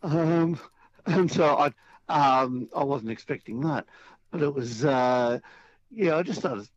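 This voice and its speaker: A man's voice: fairly high pitch, slow pace. A man, calling in to a radio quiz and chatting casually, with lots of ums and restarts. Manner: hesitant, many fillers and restarts. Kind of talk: casual phone chat. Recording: dull phone-line sound.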